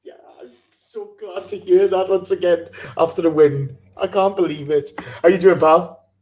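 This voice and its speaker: Male podcast host, slightly high voice, animated and rambling, sweary. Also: moderate pace. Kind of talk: live fan podcast chat.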